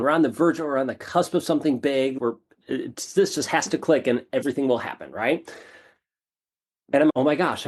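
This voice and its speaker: Animated man telling a story. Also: medium pitch. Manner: animated, repetitive, self-deprecating storytelling. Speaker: podcast guest, entrepreneur. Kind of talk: casual storytelling interview.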